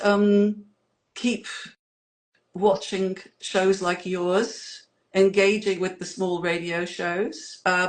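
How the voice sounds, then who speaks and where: A woman in a band, chatting casually as an interview guest with rambling, self-deprecating asides. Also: mid-range voice.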